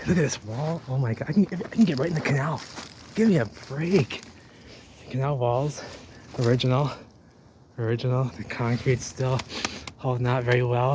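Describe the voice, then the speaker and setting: A man narrating as he walks through an old drained canal, talking excitedly to the camera. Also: mid-range voice. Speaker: urban explorer vlogger. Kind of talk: handheld walking commentary. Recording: noisy outdoor ambience.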